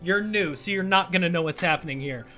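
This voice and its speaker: A young man hosting a casual livestream, his voice sitting a touch high. He talks wryly, swears offhandedly and breaks into laughter often. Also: fast talker, bright, forceful tone, faint music behind. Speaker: streamer host.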